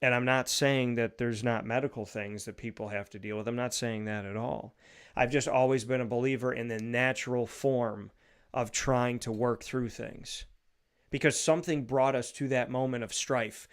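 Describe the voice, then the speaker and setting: A male show host giving an earnest, repetitive spoken reflection on faith, building to animated bursts. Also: mid-range voice, normal speed, clean tone.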